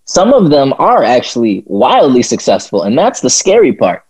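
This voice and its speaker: A man's voice: mid-range voice, normal speed, slightly rough, poor audio. A young man co-hosting a podcast, chatting casually, swearing and stumbling over restarts as he rants. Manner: animated, swearing, stumbling restarts, laughs often. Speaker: podcast co-host. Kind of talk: casual chat.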